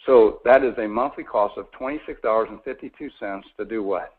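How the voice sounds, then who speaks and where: A man in his forties from Florida, presenting mortgages, gives a folksy and persuasive sales talk on a conference call and keeps asking his listeners questions. His voice sits on the low side and moves briskly, with tinny phone-line audio.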